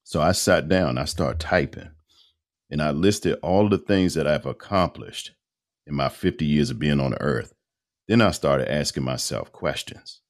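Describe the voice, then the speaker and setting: Very deep-voiced man in his fifties. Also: unhurried. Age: 50s. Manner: animated storyteller with colloquial phrasing. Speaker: radio host and voice-over artist, podcast guest. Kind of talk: casual interview storytelling.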